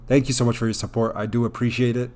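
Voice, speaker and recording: A man hosting a crypto live stream, reading viewer messages aloud and thanking them over and over, warm and openly emotional. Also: medium pitch, flat delivery, fast. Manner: effusive, repeats thanks, gets emotional. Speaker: crypto livestream host. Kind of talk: live stream chat, reading super chats.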